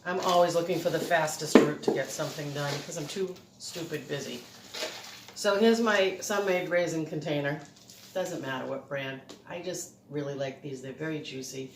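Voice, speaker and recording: A woman's voice: low-pitched, normal speed, reverberant, noisy background. A middle-aged woman chatting casually as she demonstrates a recipe at home, a little breathless, rambling and laughing often. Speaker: cooking vlogger. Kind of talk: casual home cooking demo. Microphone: phone camera.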